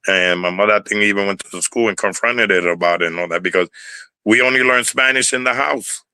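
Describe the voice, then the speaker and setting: A former dancer from the Bronx, an older man with a New York Puerto Rican accent, rambles through stories as an interview guest, repeating himself and cursing liberally. His voice is low-ish, fast, sharp and clean, with no echo, though the audio is poor.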